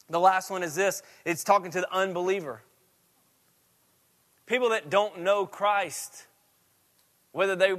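A man preaching a sermon, with a repetitive cadence that swings from quiet and low to loud and rising. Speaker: pastor.

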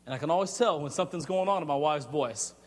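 A man with a high voice preaches through a long story, chatty and animated. He trips over his words and repeats them as he goes. His voice rings with the long reverb of a large hall. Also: quick pace. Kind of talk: storytelling sermon.

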